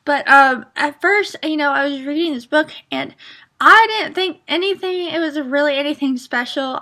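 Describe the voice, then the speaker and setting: A woman's voice: sits high, sharp tone. A woman talking casually in a book review vlog, earnest and rambling with many fillers and restarts, openly emotional and close to tears.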